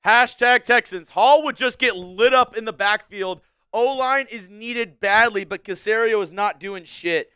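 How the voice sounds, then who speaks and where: Bright, high-voiced male sports streamer. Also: a little slow, smooth, dry recording, studio quality. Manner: casual, animated fan-style ranting. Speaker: sports show host. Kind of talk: live-stream sports talk.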